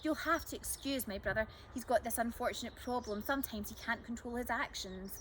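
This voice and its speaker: A woman's voice: a little high, fairly quick, fairly bright tone, slight background noise, lightly acted. A woman voicing a sensible, polite teenage boy who talks in a coaxing way.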